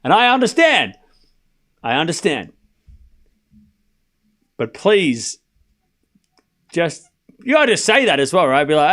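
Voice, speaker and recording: Lively man calling tennis for his chat. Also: on the high side, slow, pauses often. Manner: chatty, teasing, talks straight to his chat. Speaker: streamer doing a live tennis watchalong. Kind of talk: casual play-by-play commentary and chat replies.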